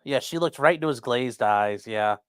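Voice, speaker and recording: With a clear, resonant medium-pitched voice at a moderate pace, this host sounds studio-quality and echo-free. They ramble animatedly during a casual home stream, reading comments aloud, swearing plenty, and stopping to soothe the dog.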